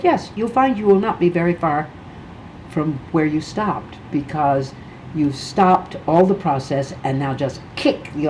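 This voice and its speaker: A woman's voice: very deep voice, background noise. An older actress in her eighties telling a stage story vividly, acting out the voices of the people in it. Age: 80s. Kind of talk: candid storytelling interview.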